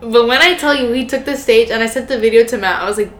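A woman's voice: fairly high pitch, fast. A young adult woman co-hosting a podcast, chatting casually with playful teasing and lots of "like". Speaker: podcast co-host. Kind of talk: casual chat. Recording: echoey room with faint noise.

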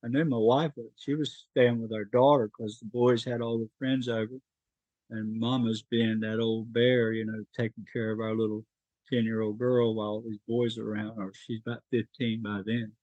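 A man's voice: mid-range voice, flat delivery, normal speed, darkish tone, no echo, highs cut off. A middle-aged man from North Carolina, a podcast guest telling his life story in an emotional, earnest way.

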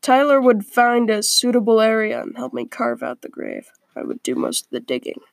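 Gravelly-voiced woman reading a story. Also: fairly high pitch, very animated, moderate pace, dry recording. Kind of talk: first-person story reading.

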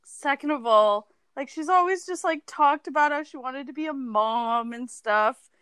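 A woman's voice: high voice, moderate pace, a bit bright, dry recording. A woman co-hosting a podcast in casual chat, gushing and laughing often. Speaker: podcast co-host.

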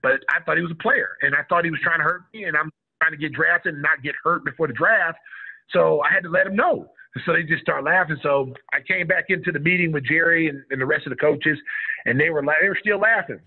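This guest, a middle-aged ex-basketball player from Oklahoma, tells a lively story in a casual interview and acts out people's words in a raised voice. He talks fast, with a gravelly, somewhat high voice that has a breathy edge. The audio is tinny, like a phone line.

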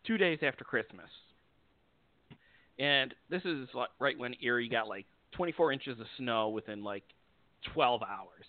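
A man from upstate New York hosting a podcast, telling a story in an easygoing, animated way. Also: medium pitch, measured pace, dry recording. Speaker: podcast host. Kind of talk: casual chat, storytelling. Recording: dry, tinny phone-like line.

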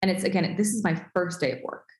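A woman's voice: fairly low pitch, quick pace, echoey room, poor audio. A woman telling a self-deprecating story in casual podcast chat, acting out the dialogue. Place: Los Angeles.

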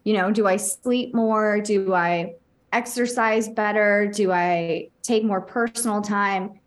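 A woman's voice: medium pitch, fairly even intonation, slow. A woman co-hosting a podcast, chatting casually and laughing at her own mistakes. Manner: chatty, rambling, laughs at herself. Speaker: podcast co-host and psychic medium.

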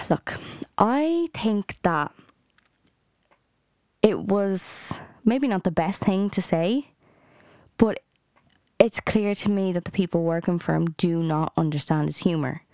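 A woman's voice: fairly low pitch, slow pace, long pauses, darkish tone, no echo, clean studio sound. A young adult woman hosting a solo podcast, ranting in a heated way with lots of swearing and "like" fillers. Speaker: podcast host.

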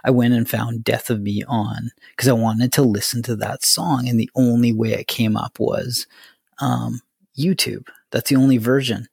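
Male podcast host, raspy with vocal fry, rambly and eager, recorded dry. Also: medium pitch, fairly even intonation, normal speed, a little mellow, dry recording. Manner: rambling, enthusiastic, lots of fillers. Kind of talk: casual interview chat.

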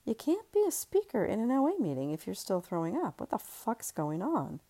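A woman's voice: medium pitch, wildly swooping pitch, moderate pace, dark tone, voice pushed up. A woman voicing Ellie, a frustrated woman at a meeting, exasperated and swearing under her breath. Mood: incredulous.

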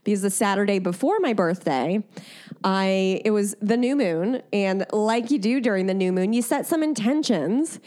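A woman's voice: medium pitch, normal speed, a little mellow. A woman co-hosting a podcast in casual chat, playful and giggly as she tells a story. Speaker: podcast co-host.

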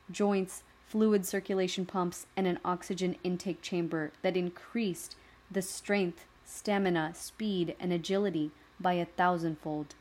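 Calm woman narrating a dark story. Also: fairly low pitch. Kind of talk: scripted narration.

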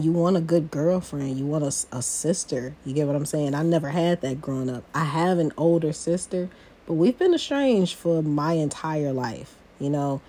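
Low-voiced woman chatting candidly. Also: darkish tone, husky. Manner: chatty, confiding, talks straight to listeners as "y'all". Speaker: podcast host. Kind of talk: casual personal podcast talk.

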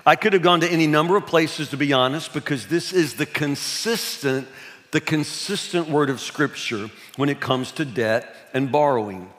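Folksy pastor in a big hall. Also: male voice, on the high side, normal speed, fairly bright tone. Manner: folksy storytelling with self-mocking humor. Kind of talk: sermon. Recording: long hall reverb.

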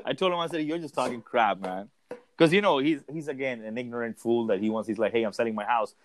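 A man's voice: mid-range voice, quick pace. A man telling stories in casual chat, acting out the people he quotes. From North America. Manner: storytelling, lively, acts out quoted people.

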